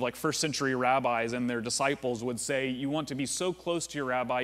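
Male pastor, sermon, relaxed chatty delivery, mid pitch, long hall reverb. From United States. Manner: conversational, with frequent "like" and "uh" fillers. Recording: long reverb of a large room.

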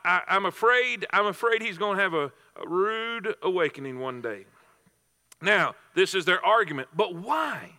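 A man's voice: sits high, sharp tone, long reverb tail. A man preaching a sermon to a congregation, emphatic, repeating phrases and restarting himself. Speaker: pastor.

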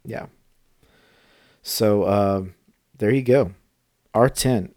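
A man's voice: fairly low pitch, very slow, a little mellow, no echo. Middle-aged guy chatting on a podcast, trips on words a bit, dry close sound. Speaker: podcast co-host. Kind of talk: casual chat.

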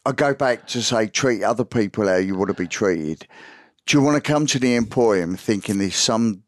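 A man's voice: lowish voice, lively intonation, moderate pace, no echo, clean studio sound. A plain-spoken, earnest Australian man, a guest on a podcast. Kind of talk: casual interview chat.

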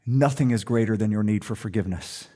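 A preacher voicing Jesus as a calm, firm grown man. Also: lowish voice, quick pace, pitched below the performer's own voice, natural voice.

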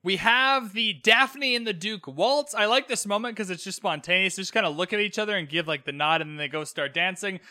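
A man's voice: high voice, fairly quick, few pauses, sharp tone, dry recording, clean studio sound. A young man hosting a podcast, recapping a TV episode in casual, sarcastic commentary and swearing freely. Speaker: podcast host. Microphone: own podcast microphone.

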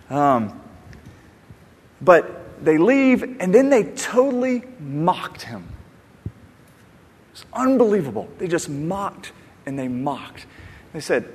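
A male pastor preaches in an emphatic, conversational way. His voice sits a little high and has a husky edge. A long reverb trails each phrase, as in a large hall. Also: very animated, measured pace. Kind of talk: conversational sermon.

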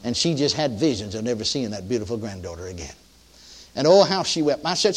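Older male preacher, folksy storyteller, swings his pitch widely for emphasis. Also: very animated, fairly quick, husky. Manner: folksy, repetitive restarts, rising emphatic peaks. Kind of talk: sermon storytelling.

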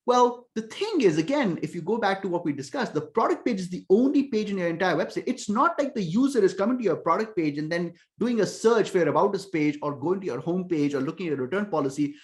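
A man's voice: sits high, animated, fast talker, hardly any pauses, darkish tone. A man speaking as a podcast guest, explaining with emphasis and often repeating words as he thinks. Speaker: podcast guest, ecommerce conversion expert. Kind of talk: casual podcast interview.

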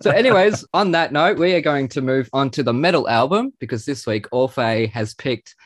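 A man's voice: mid-range voice, expressive, moderate pace, no room sound, clean studio sound. An Australian man hosting a podcast, chatting casually and making theatrical, joking introductions. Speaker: podcast host. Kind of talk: casual chat.

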